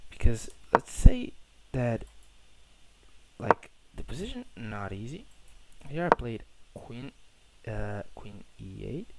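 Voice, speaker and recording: A man's voice: fairly low pitch, gravelly. A young man from Portugal casually talking through his own chess game, rambling, self-correcting and slangy, on a cheap mic. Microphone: poor-quality microphone. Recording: cheap mic with loud noise.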